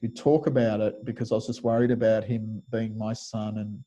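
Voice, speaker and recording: A man's voice: lowish voice, little pitch movement, normal speed, mellow. A middle-aged man giving an informal webinar lecture, rambling and digressive, with many restarts and chuckles. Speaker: webinar presenter.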